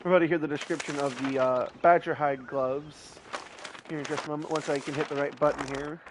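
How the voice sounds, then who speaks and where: A man's voice: on the high side, steady tone, brisk. Rambling male game streamer, noisy mic. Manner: rambling, talks to himself, hums. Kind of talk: casual live-stream commentary.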